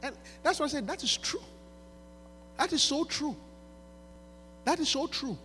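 A man, preaching a sermon by retelling a story, going from quiet asides to shouting. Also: very high-pitched, a little slow. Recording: reverberant hall with mains hum.

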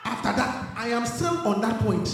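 High, lively man preaching in an echoey hall. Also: moderate pace, gravelly, a little hiss or hum. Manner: emphatic, repeats lines, calls out to the congregation. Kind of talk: sermon. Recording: echoey hall with long reverb.

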